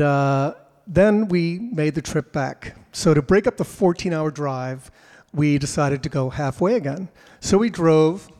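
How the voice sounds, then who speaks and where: A middle-aged father recounts a family road trip in a casual, animated way, popping into other people's voices as he goes. His voice sits a little high for a man. The sound carries a long, hall-like reverb. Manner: animated, acts out voices of kids and troopers. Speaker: father telling a family story. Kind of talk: casual personal storytelling.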